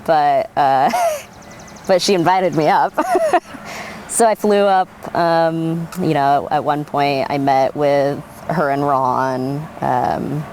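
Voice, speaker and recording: A woman from Oregon interviewed for an oral history, telling lively stories with many fillers and frequent laughs. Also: low voice, slow, slight background noise. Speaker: winery worker being interviewed.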